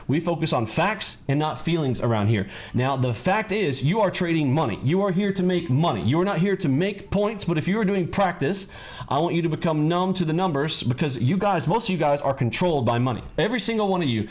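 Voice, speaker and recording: A man coaching traders in a live lesson, blunt and preachy, lecturing his audience directly. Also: a little high. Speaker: trading coach. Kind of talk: live trading lesson with pep talk.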